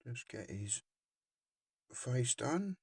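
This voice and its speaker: A man's voice: mid-range voice, big pitch swings, extremely slow, creaky, a little mellow, breathy edge, no echo, clean studio sound. A man casually narrating his scale model build, chatty and often breaking into giggles. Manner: giggly, keeps breaking into laughter. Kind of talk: casual hobby video narration.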